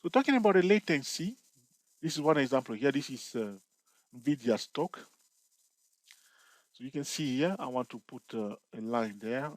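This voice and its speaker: A man's voice: mid-range voice, dry recording, rough recording. A man with a mid-range voice teaching an investing lesson, recorded close and dry with no room sound. He explains step by step in loose, restarting phrases, and keeps checking in with his viewers with "okay?" and "all right?". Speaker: trading instructor. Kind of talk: explaining over a chart.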